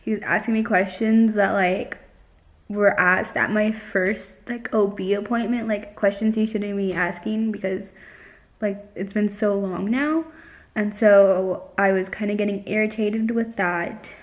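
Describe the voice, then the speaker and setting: Speaking at a measured pace with fairly even intonation and a mid-range pitch, a young woman chats through a story on her vlog. She leans heavily on "like" and performs the lines of the others involved.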